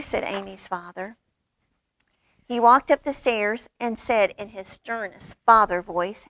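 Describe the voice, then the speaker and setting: A woman reading a children's picture book aloud at a library storytime, lively and expressive with character voices. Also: mid-range voice, a little slow, no echo. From United States.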